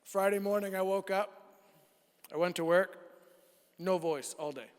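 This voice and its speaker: High-voiced man telling a sermon story. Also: measured pace, smooth. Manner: animated storytelling, acts out dialogue. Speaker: youth speaker. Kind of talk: sermon testimony. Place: church hall. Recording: long reverb of a church hall.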